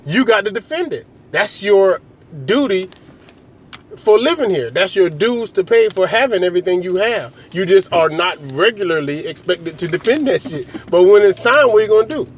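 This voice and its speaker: A man's voice: high voice, animated, normal speed, a little hiss or hum. A man delivering a comedic rant monologue, profane and rambling, with mocking asides.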